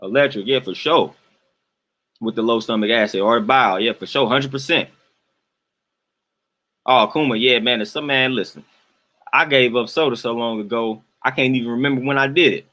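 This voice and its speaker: A man's voice: mid-range voice, normal speed, pauses often, pushed and bright. A young man hosting a live-stream rant, answering his chat and sounding exasperated and emphatic, often repeating himself for effect. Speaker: host ranting to live chat.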